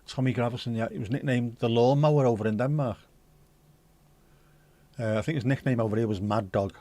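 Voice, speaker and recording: A man hosts a relaxed livestream chat. His voice sits at an ordinary middle pitch, and he banters and jokes with a bit of mild swearing. He reads news snippets aloud in the same casual tone. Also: a little fast, no room sound. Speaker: livestream host. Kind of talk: casual pub-style chat.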